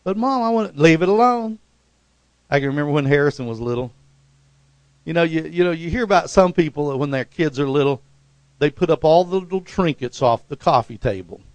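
A middle-aged man preaching a sermon, animated, leaping into loud high-pitched bursts when he acts out quotes. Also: a little fast, no echo. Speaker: pastor.

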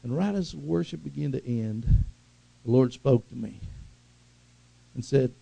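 A middle-aged male pastor preaching an animated sermon, swinging from loud calls to hushed asides. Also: mid-range voice, measured pace, gravelly, pauses often, breathy edge. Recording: dull lo-fi sound.

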